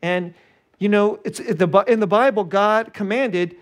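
A preacher delivering a sermon, repeating and restarting phrases and chuckling between points. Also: moderate pace. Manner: animated, swinging from loud high emphasis to hushed low delivery.

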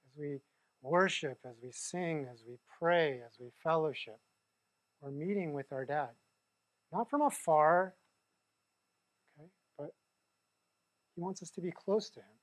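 Male pastor, casual sermon delivery, higher pitch, constant "right?" tags. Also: measured pace, long pauses, no echo. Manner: conversational, keeps asking "right?".

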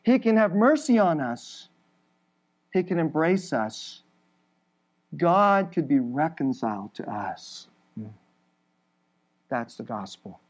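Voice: medium pitch, big pitch swings, slow pace, long pauses. A preacher giving an emphatic sermon, building through repeated phrases and laughing briefly between points.

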